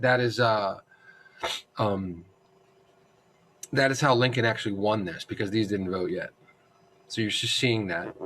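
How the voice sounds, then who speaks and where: A male instructor giving a recorded lecture in a casual, conversational way, often calling the students "guys" and pausing with fillers and restarts. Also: mid-range voice, fairly bright tone.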